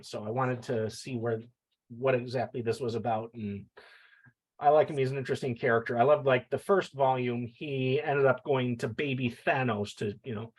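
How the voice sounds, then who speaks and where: Husky-voiced joking male co-host. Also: mid-range voice, low-quality recording. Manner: joking, enthusiastic. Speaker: podcast co-host. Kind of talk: casual podcast chat.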